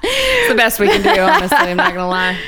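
A woman's voice: fairly high pitch, huge pitch swings, fast, pushed and bright. A woman co-hosting a podcast in casual chat, laughing often and swearing casually. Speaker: podcast co-host.

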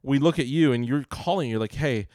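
Medium pitch, brisk delivery and a darkish tone, recorded in clean studio quality with no echo. This young podcast co-host ribs his friend and performs the quotes as he tells a story. The exchange is casual banter.

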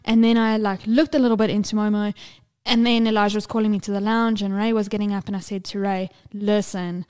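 A woman's voice: medium pitch, level tone, a little fast, a little mellow, smooth. A young woman co-hosting a casual podcast chat, talkative and blunt, swearing freely and laughing often. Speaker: podcast co-host.

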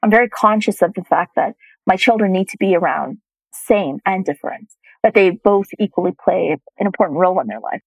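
A woman's voice: medium pitch, a little fast, breathy edge, dry recording, rough recording. A middle-aged woman telling a personal story as a guest, reflective and at times choked up.

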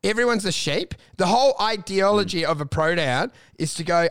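Man, high pitched, gravelly, bright and sharp tone, crude comedic riffing. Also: moderate pace, no room sound, clean studio sound. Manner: crude, riffing, mock-ranting in put-on quotes. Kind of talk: casual comedic chat.

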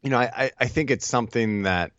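A man guest in a casual interview, an energetic storyteller with quick asides and restarts. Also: medium pitch, no echo, dull audio.

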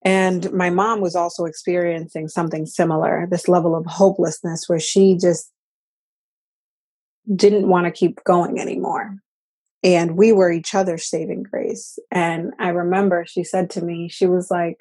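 Husky, dark-voiced woman sharing earnestly. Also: lowish voice, flat delivery. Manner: earnest, halting, repeats words. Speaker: mother sharing personal story. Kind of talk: personal reflective talk.

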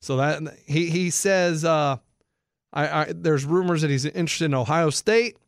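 A man hosting sports talk, animated and incredulous as he explains bets to listeners. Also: fairly high pitch, a little slow, creaky, dry recording, clean studio sound. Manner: excitable, incredulous, explains for non-bettors. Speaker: sports radio host.

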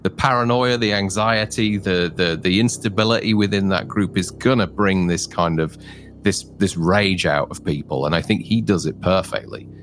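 A man's voice: sits low, moderate pace, a bit bright, slight background noise. A man co-hosting a casual film discussion, enthusiastic and full of fillers. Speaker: co-host.

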